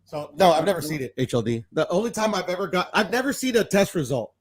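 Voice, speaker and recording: A man's voice: sits high, big pitch swings, quick pace. A man in a casual boxing chat, rambling with fillers and swearing. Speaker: podcast co-host.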